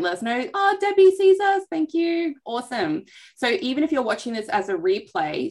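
Bubbly Australian woman hosting a video chat. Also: medium pitch. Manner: bubbly, chatty, self-deprecating. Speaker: host, counsellor. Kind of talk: live online interview. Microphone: video call.

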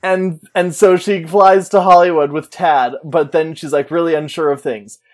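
Guy retelling a movie plot all animated, voice a bit on the high side. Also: moderate pace. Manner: animated retelling, acting out characters' lines with laughs. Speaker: podcast co-host. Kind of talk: casual chat recapping a movie.

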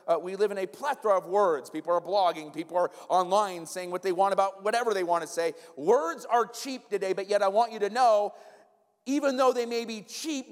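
Brief: male pastor, 40s, fairly high voice, lively conversational sermon, long hall reverb. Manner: animated, conversational, addresses the congregation directly.

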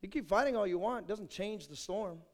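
A man putting on a calm, drowsy, unbothered voice for God. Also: high voice, a little fast. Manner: laid-back, deadpan. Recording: echoey hall.

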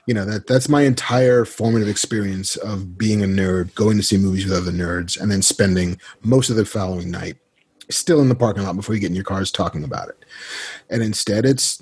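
A man guest on a podcast, telling casual anecdotes in a laid-back, self-deprecating way and acting out a friend's lines in a higher voice. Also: a little fast, darkish tone, husky. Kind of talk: casual interview storytelling.

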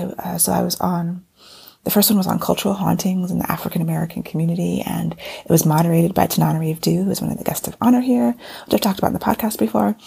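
A woman hosting her podcast in a casual, rambling monologue, hoarse because she is losing her voice. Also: fairly low pitch, dark tone. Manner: chatty, rambling with fillers and restarts. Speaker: podcast host. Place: at a convention, indoors.

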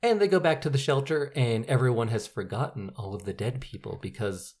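A podcast co-host chatting casually about a movie, with wry deadpan asides. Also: medium pitch, fairly quick.

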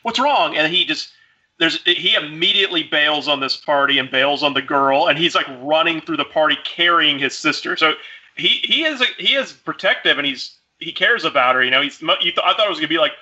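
A man chatting casually about a movie with friends, walking through the plot and slipping into the characters' voices as he goes. His voice is very bright and sharp, and slightly higher than most men's. The recording sounds dull and lo-fi. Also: fairly quick. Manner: retells scenes, acting out lines in character. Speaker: podcast co-host.

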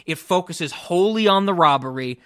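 A young man hosting a casual podcast, giving a blunt, profane, animated review of a film. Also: high voice, moderate pace, no room sound, studio quality. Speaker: podcast host. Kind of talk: casual chat.

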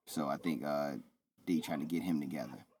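A man co-hosting a casual wrestling podcast, telling stories in an animated way and acting out what people said. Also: a bass voice, fairly quick, slight background noise. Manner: animated storyteller, acts out quotes. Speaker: podcast co-host.

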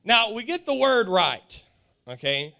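A man's voice: high-pitched, big pitch swings, a little slow, creaky, sharp tone, clear, resonant tone. A man in his forties preaching a sermon, telling stories with animation and often repeating words.

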